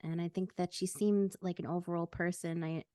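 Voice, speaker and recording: A woman's voice: lowish voice, steady tone, warm tone, no room sound. A woman co-hosting a podcast in casual chat, playful and jokey. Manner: playful, jokey, quick to laugh. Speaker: podcast co-host.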